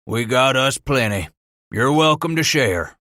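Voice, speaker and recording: A man voicing a friendly head oarsman on a river flatboat, speaking folksy with a Kentucky accent. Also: medium pitch, a little slow, no room sound, studio quality, pitched above the performer's own voice.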